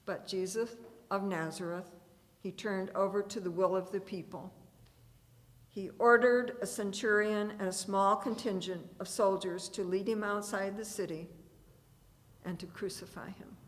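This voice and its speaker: A woman reading a dramatic scripted narration aloud in a church, with deliberate storytelling. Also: medium pitch, steady tone. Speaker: reader. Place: church sanctuary. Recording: reverberant church hall.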